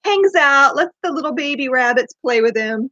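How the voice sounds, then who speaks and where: Chatty higher-voiced woman host. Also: expressive, moderate pace, sharp tone, dry recording. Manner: chatty and eager, laughs often. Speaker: podcast host. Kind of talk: casual book discussion. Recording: dull lo-fi dry sound.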